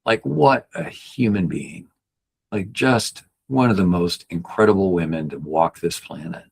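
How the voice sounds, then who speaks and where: A man's voice: animated, a little slow, vocal fry, slightly rough. A middle-aged man, a podcast guest, telling a personal story earnestly and acting out the people he quotes. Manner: earnest, acts out quoted people with raised pitch.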